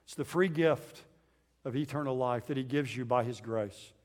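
A man preaching a sermon as a pastor, earnest, slowing down to stress the verses he quotes. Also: mid-range voice, a little mellow.

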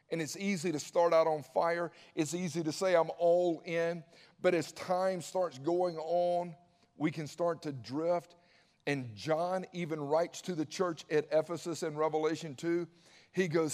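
A man preaching in a lively, conversational way, his voice sitting a little high and ringing out with a long hall reverb. He drops in folksy asides as he teaches. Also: a little slow. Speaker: pastor. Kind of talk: sermon.

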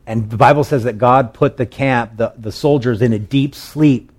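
A man's voice: mid-range voice, moderate pace. A male pastor preaching a sermon in a conversational storytelling way, with fillers and restarts.

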